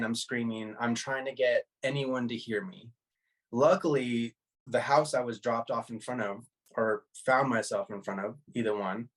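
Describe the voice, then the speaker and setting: A man in his thirties, a podcast guest, telling a personal story in a laid-back, animated way with slang and frequent laughs. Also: lowish voice. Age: 30s.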